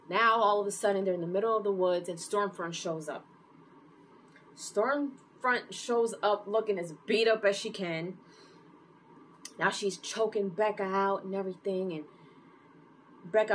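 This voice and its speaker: A woman giving a casual, animated recap of a TV episode, full of fillers and open emotional reactions. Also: medium pitch, a little hiss or hum, poor audio. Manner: animated storytelling with many fillers. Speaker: TV series reviewer.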